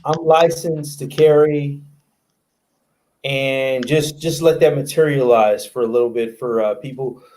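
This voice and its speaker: A man's voice: mid-range voice, fairly even intonation, measured pace, a little mellow. A man in casual discussion, speaking hesitantly with many fillers and restarts.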